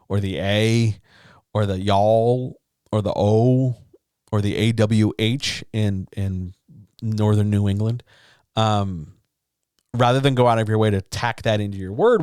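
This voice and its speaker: A man's voice: fairly low pitch, a little mellow, smooth, dry recording, studio quality. Upbeat man chatting on a livestream. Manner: chatty, upbeat, talks to chat directly. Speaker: writing coach and chat host. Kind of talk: casual livestream Q&A. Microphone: studio podcast mic.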